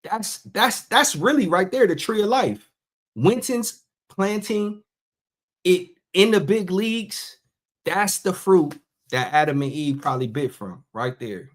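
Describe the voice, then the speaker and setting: A man's voice: high-pitched, unhurried. A middle-aged man hosting a casual monologue show, talking in a loose, conversational way and stretching out phrases for emphasis. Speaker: podcast host.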